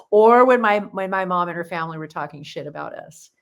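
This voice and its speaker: A woman's voice: medium pitch, expressive, moderate pace. A middle-aged woman, a guest on a podcast, telling family stories in casual chat and laughing often. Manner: laughs often, chatty storytelling. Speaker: guest musician.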